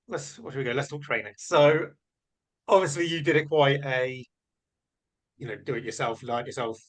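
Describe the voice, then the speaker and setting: A man's voice: medium pitch, a bit bright. Affirming male interview host. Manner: affirming, steers the talk, laughs easily. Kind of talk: conversational interview.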